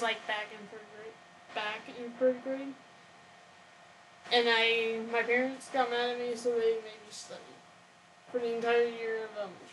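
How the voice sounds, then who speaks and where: A woman's voice: a little high, a bit bright, slight background noise, poor audio. A teenage girl co-hosting a school club podcast, reading the questions, laughing and a little bossy. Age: teens. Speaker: club treasurer and co-host. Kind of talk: casual podcast chat.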